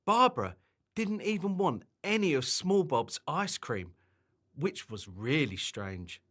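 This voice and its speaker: A man reads a children's bedtime story aloud in a bright voice. He takes his time, and his pitch rises and falls in broad, animated sweeps.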